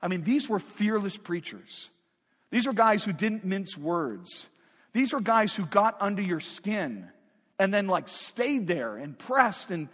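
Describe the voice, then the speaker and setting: A man with a high-pitched voice preaches a sermon in a conversational, emphatic way, tossing out rhetorical questions. His voice rings with a long reverb as it fills a large church sanctuary. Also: a bit bright. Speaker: pastor.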